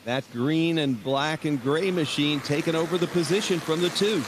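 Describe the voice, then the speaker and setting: Male co-commentator, slightly high voice, chatty calls over loud track noise. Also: normal speed, poor audio. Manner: conversational, asks questions. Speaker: race commentator. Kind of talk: live race commentary.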